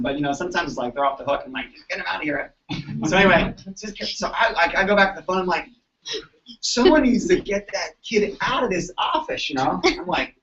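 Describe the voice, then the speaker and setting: A man telling an animated story to a live audience, acting out the voices of the people in it. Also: on the high side, vocal fry. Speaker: chiropractor. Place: event floor at a convention. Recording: distant mic, dull lo-fi sound.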